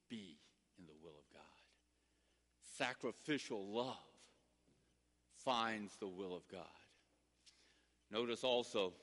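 Male preacher, bright forceful voice, big dynamic swings, long hall reverb. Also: medium pitch. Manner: dramatic, swings from loud to hushed, acts out quotes. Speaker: pastor. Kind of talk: sermon.

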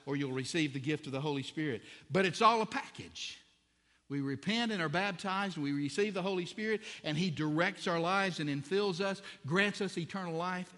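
Man, preacher, sermon, forceful bright tone, rising to loud emphatic peaks. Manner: builds to loud, high-pitched emphasis at key points. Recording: long reverb of a large hall.

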